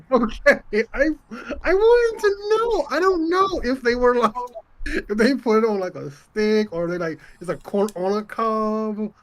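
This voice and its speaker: A woman's voice: a little high, animated, a little slow. A woman player in a tabletop game, talking in a casual, rambling way. She giggles often and keeps interrupting herself mid-sentence.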